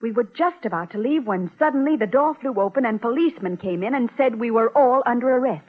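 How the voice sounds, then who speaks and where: Worried young wife, pleading, fast, breathy, tinny 1940s radio sound. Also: female voice, on the high side, animated. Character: anxious young wife calling from police court. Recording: tinny old radio broadcast.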